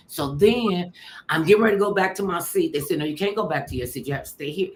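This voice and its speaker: Lively middle-aged woman telling stories. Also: fairly low pitch, quick pace, slight background noise. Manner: animated, laughing storyteller who acts out quotes. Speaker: show host. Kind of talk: storytelling chat.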